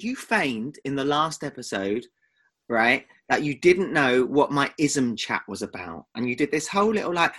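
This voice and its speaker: A man's voice: mid-range voice, very animated, normal speed, a bit bright. A man with an Essex accent co-hosting a podcast in casual chat, teasing and protesting dramatically. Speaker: podcast co-host.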